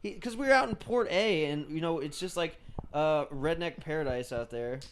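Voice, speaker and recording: A man's voice: fairly high pitch, expressive, normal speed. A man hosting a podcast, chatting casually and telling a rambling story. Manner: rambling storyteller, quiet, laughs at own bits. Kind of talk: casual chat. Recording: faint background hiss.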